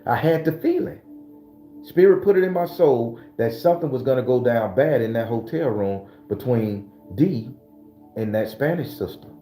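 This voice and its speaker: A man hosting his own channel, telling a story casually in a profane, animated, streetwise way. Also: medium pitch, moderate pace, echoey room, faint music behind. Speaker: spiritual channel host.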